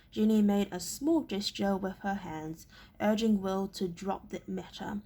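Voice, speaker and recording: A woman reading a novel aloud in a halting way, often stumbling and repeating words. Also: mid-range voice, mellow, breathy edge. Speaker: reader.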